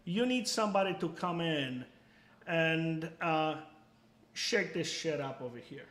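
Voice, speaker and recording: Plain-spoken male stream host, forceful and emphatic, slightly raised pitch, roomy echo. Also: expressive, a little slow. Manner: blunt, emphatic, peppers talk with "okay?" and swearing. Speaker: bait seller hosting a live stream. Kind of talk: casual live-stream chat answering viewers.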